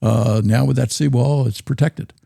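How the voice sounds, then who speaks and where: A man with a South Jersey accent, talking as a guest in an interview, often halting and repeating words as he thinks. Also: medium pitch, steady tone, creaky, dark tone, dry recording, clean studio sound. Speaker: guest, city planner. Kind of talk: casual interview talk.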